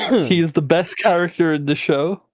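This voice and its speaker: A man's voice: on the high side, moderate pace, dry recording. A man guesting on a casual livestream chat, blunt and playful, heckling with laughs. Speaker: co-host guest.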